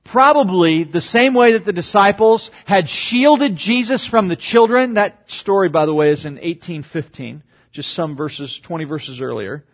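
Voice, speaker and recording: Preaching at normal speed with lively intonation, a pastor explains a passage verse by verse. He brings quoted cries to life with dynamic, sudden jumps in pitch, though the audio is dull.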